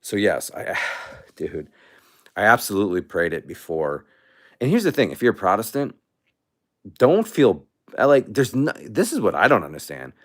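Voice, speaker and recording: A man's voice: lowish voice, moderate pace. A man hosting a casual livestream, out of breath and rambling with many restarts. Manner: rambling, animated, restarts often. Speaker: livestream host.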